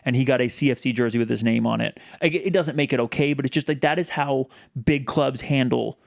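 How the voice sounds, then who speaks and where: A man's voice: medium pitch, a little fast, vocal fry, no echo, clean studio sound. A man co-hosting a casual podcast chat, talking loosely with restarts and fillers. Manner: chatty, many restarts and fillers. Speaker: podcast co-host.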